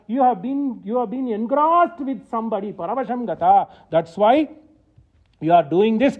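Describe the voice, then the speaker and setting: A man's voice: very high-pitched, expressive, moderate pace, phone-quality sound. A man giving a devotional scripture lecture at a temple, chanting verses in a singsong way and explaining them in English. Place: temple hall.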